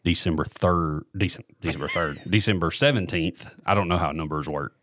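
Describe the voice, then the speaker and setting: A man hosting a casual podcast chat, chatty and quick to laugh. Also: sits low, a bit bright, a little hiss or hum. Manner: chatty, laughs often, restarts sentences. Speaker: podcast host.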